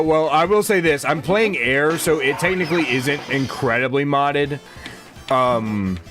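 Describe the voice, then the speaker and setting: A man in his twenties chatting casually to viewers while streaming a game, rambling and slangy. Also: medium pitch. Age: 20s. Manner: rambling, slangy, talks to chat. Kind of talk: casual livestream chat. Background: game music.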